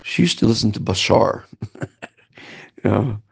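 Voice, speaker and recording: A man's voice: lowish voice, measured pace, gravelly, slightly rough. An older man from Southern California telling his life story in a meandering, self-promoting monologue with wry asides. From Southern California, United States. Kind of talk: rambling personal monologue. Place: currently in Antigua.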